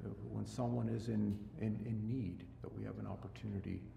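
A male preacher with a gravelly voice delivers a sermon in a church. He swings from loud, emphatic rises to quiet, low passages and often repeats himself as he restarts a thought. He is picked up from some distance in a roomy, echoing space. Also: steady tone, brisk, a little hiss or hum. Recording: echoey room, mic at a distance.

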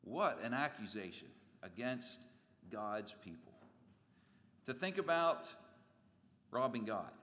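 A man preaching a sermon in a church, animated, acting out voices and swinging his pitch and loudness widely. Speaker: pastor. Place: church sanctuary. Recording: long reverb of a church hall.

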